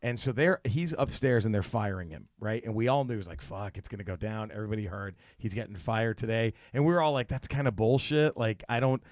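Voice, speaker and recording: A man's voice: lowish voice, a little fast, hardly any pauses, no echo. Profane storytelling man, dry close sound. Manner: animated, profane, laughs mid-story. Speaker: guest comedian. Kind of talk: storytelling on a comedy podcast.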